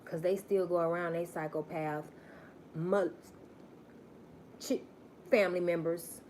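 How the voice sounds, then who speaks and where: A woman's voice: lowish voice, steady tone, unhurried, darkish tone, slight background noise. A woman giving a live-stream spiritual message, emphatic and preachy, repeating phrases for stress.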